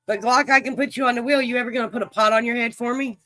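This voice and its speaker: A man's voice: extremely high pitch, steady tone, rapid-fire, sharp tone, no echo. A man hosting a livestream game, chatting in a folksy way and greeting viewers by name. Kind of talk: casual livestream chat, reading viewers' names.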